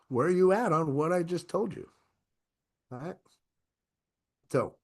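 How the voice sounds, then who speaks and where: A man giving an online sales training to his own camera, talking in an energetic, conversational way and often checking in with "right?". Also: medium pitch.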